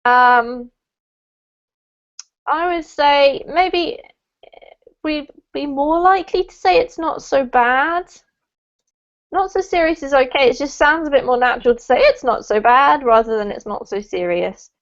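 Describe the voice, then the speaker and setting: Patient woman teacher on a lo-fi call. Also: a little high. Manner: patient, explains corrections slowly, reads student text aloud. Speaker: English teacher. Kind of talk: online English lesson correcting a student's writing.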